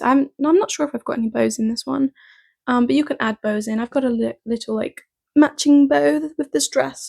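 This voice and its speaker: A young woman chatting casually through a hair tutorial, upbeat and full of fillers, her voice still rough from just waking up. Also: a little high, darkish tone. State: morning voice, just woken.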